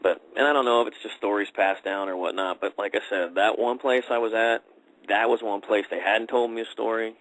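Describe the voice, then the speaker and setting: A man with a very low voice tells a story casually on a podcast. He rambles and restarts, with plenty of "uh" and "you know" between his thoughts. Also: fairly even intonation, fairly quick, fairly bright tone, rough recording. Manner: rambling, conversational, many fillers.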